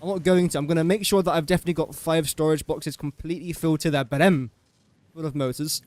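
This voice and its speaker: A man's voice: a little high, fairly even intonation, fast, a little mellow. Chatty, self-mocking young man streaming games. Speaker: gaming livestreamer. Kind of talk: casual gameplay commentary.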